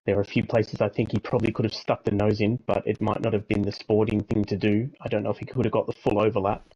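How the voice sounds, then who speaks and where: A man giving calm, analytical co-commentary on a sim race, with small restarts. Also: on the low side, fast talker, breathy edge, dull audio. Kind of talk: live sim racing commentary.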